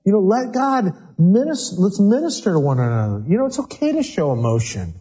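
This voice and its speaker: Conversational male pastor, mellow lo-fi. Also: high-pitched, big pitch swings, fairly quick, husky. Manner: conversational, repeats words often. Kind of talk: sermon. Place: church sanctuary.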